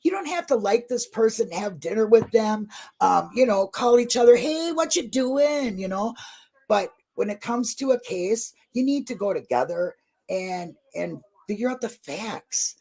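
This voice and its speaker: Emotional woman on a true crime stream, husky voice, gushing one sec and blunt and sweary the next. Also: medium pitch, lively intonation, normal speed, warm tone. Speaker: true crime channel guest. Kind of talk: casual livestream chat.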